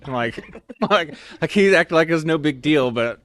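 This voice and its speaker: A man's voice: fairly high pitch, lively intonation, moderate pace, fairly bright tone, no room sound, clean studio sound. Rambling young man telling army stories. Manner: rambling, laughing, full of restarts and "like". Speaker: officer candidate. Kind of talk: casual storytelling in an interview.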